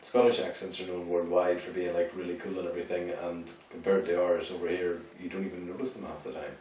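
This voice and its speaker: Deep-voiced man in a very echoey room. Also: little pitch movement, fast talker, dark tone, far from the mic. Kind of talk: casual chat. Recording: very echoey room, off-mic, faint noise.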